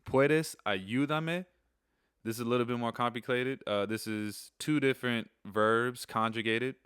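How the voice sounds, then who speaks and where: A young man casually explaining Spanish phrases in a rambling, relaxed way, slowing down when he repeats them. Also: mid-range voice, smooth, no echo, clean studio sound. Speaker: host teaching Spanish phrases. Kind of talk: casual instructional video.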